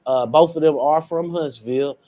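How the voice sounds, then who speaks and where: A man's voice: fairly high pitch, normal speed, warm tone. A young man, hosting a casual radio show in an earnest way, often repeating words as he talks.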